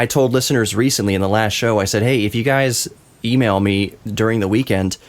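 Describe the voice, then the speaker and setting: A man hosting a casual podcast roundtable, talking in rambling, self-interrupting runs and laughing often. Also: mid-range voice. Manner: rambling, talks over himself, laughs often. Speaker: podcast host.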